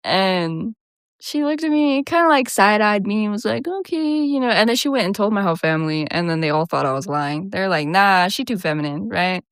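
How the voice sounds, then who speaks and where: A young adult woman hosting a show, telling personal stories in a casual, animated way, laughing often and slipping into quoted voices. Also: mid-range voice, fairly quick, smooth, dry recording, studio quality. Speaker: host. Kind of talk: casual storytelling monologue.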